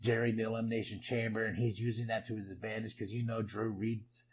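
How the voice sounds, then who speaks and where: A man hosting a podcast, recapping wrestling in a casual, excitable way with frequent laughs and chatty asides. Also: on the low side, fast, slight background noise, low-quality recording. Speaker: podcast host.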